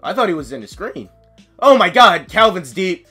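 A man giving excitable live gameplay commentary, yelling, chanting cheers and talking himself through nervous moments. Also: sits high, moderate pace, slightly rough, faint music behind. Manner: yells and chants, sings cheers, flustered self-talk. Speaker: gaming commentator.

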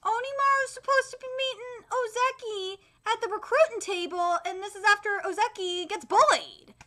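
A woman hosting a live anime reaction video, excitable, gushing and ranting by turns and swearing freely. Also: very high voice, moderate pace.

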